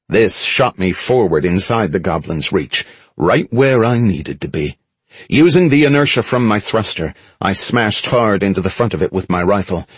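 A man narrating an action story in the first person as an audiobook, dramatic and expressive. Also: fairly low pitch, breathy edge, dry recording.

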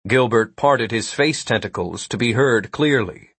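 A male narrator reading a fantasy audiobook in measured, steady storytelling. His voice is husky and mid-pitched, recorded close and dry with no room sound. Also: no echo. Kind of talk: scripted narration.

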